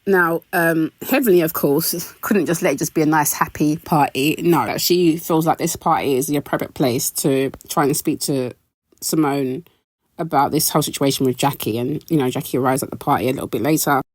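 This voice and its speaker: A British woman hosting a casual, gossipy recap of a reality show, animated and quick to laugh. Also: dry recording. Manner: animated, laughing, expressive pitch jumps.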